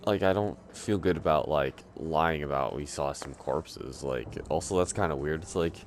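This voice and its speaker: A man's voice: a bass voice, normal speed, few pauses, a little hiss or hum. A man giving casual let's-play commentary, rambling and thinking aloud with many fillers. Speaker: gameplay narrator. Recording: game music playing behind.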